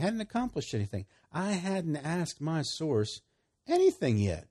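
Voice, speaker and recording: Animated husky-voiced male preacher. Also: moderate pace. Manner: animated storytelling, voice leaping higher when excited. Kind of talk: sermon testimony.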